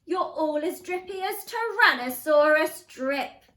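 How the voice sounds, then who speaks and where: A gruff father tyrannosaur, as a woman reading aloud puts him on, blusters and scoffs. His words come slowly. The room around is echoey. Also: high-pitched, lively intonation, a bit bright. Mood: scornful.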